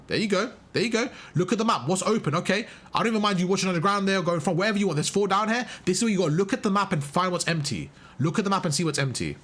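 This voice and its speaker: This young gameplay coach talks a player through a live match, emphatic and generous with praise, repeating what he wants done. He speaks very fast with a high-pitched, fairly bright voice and lively intonation.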